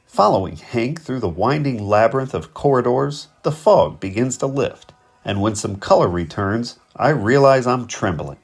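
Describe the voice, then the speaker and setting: Husky man narrating a novel. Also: mid-range voice, moderate pace. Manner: vivid, expressive storytelling. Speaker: audiobook narrator. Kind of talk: first-person novel narration.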